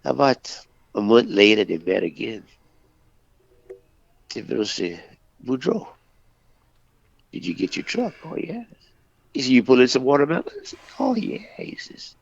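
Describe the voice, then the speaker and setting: Radio co-host, male, husky gravelly tone, lively up-and-down delivery, folksy joke teller, muffled lo-fi sound. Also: mid-range voice, no echo. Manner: folksy, drawn-out storytelling with character dialogue. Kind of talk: telling jokes on a talk radio show. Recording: dull, lo-fi dry radio recording.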